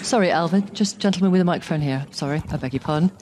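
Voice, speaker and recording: A woman hosting a live radio debate in a large hall, brisk and keeping speakers to time. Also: on the low side. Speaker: debate host. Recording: roomy hall with crowd noise.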